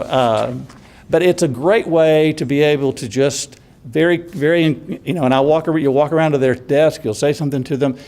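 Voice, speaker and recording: A man's voice: mid-range voice, a little mellow. Chatty man presenting a teaching workshop. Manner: conversational, chuckles often, acts out student questions. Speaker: workshop presenter for college instructors. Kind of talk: casual workshop talk.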